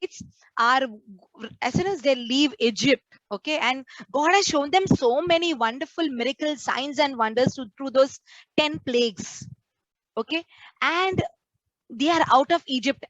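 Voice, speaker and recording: High-voiced nun preaching earnestly. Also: female voice, measured pace, a bit bright, no echo, highs cut off. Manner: earnest, acts out quoted complaints. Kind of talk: prayer group sermon.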